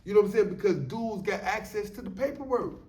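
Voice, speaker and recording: A man whose voice sits high, expressive and fast with a darkish tone, shares his prison experience in a loose, casual storytelling monologue, often saying "you know what I'm saying." He's recorded from a distance in an echoey room, a bit off-mic.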